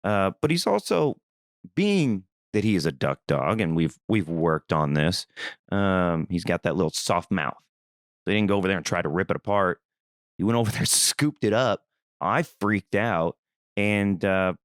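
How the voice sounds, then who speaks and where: A young man from Missouri hosting a podcast, telling a rambling, animated story in a casual, swearing manner. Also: low-pitched, no room sound, studio quality. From Missouri, USA. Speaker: podcast host.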